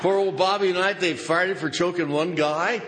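A man's voice: high voice, steady tone, moderate pace. An older man telling a story at a recovery meeting with a sardonic, punchy comic delivery. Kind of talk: humorous storytelling talk. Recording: reverberant hall with background noise.

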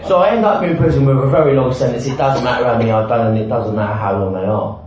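A man's voice: medium pitch, fast talker, a crowd in the background. A man telling his recovery story frankly, blunt and self-mocking, with the odd swear word and a habit of saying "right?". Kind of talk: personal recovery talk with self-mocking humour. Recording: very echoey, dull hall recording.

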